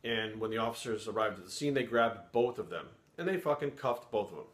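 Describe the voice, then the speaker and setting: A man's voice: fairly low pitch, lively intonation, brisk. A middle-aged man from Rhode Island, a former police sergeant, telling a story in a blunt, heavily profane, casual way. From Providence, Rhode Island. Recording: roomy echo.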